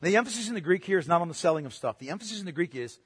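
Animated high-voiced male preacher. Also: racing, slightly rough, big-room sound. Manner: animated preaching, swinging between loud emphasis and hushed asides. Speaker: pastor. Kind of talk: sermon.

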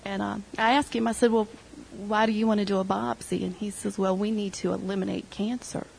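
A woman's voice: mid-range voice, flat delivery, a little fast, vocal fry, darkish tone, slight background noise, poor audio. A middle-aged woman sharing an emotional personal testimony with her church group, retelling conversations as she goes. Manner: emotional storytelling, quoting others.

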